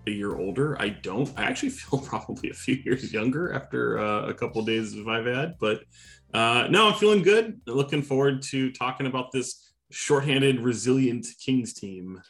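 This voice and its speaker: A man's voice: medium pitch, expressive, normal speed, a bit bright, faint music behind. A man co-hosting a sports podcast, telling long chatty stories and laughing easily. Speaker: podcast co-host, TV reporter. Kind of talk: casual sports podcast chat.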